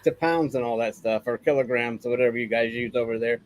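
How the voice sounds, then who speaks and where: A man co-hosting a casual podcast, talking in halting, rambling sentences. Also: mid-range voice, low-quality recording. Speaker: podcast co-host. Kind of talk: casual chat.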